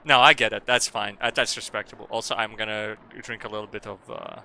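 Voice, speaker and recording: Bright-voiced laughing game streamer man. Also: lowish voice, fairly even intonation, fairly quick, vocal fry, slight background noise. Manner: rambling, laughing, swearing freely. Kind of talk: casual gaming stream commentary.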